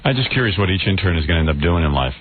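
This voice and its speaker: A man's voice: deep voice, expressive, rapid-fire, breathy edge. A man hosting a radio show, teasing and needling his guests with blunt questions in casual banter. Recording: dull lo-fi radio broadcast.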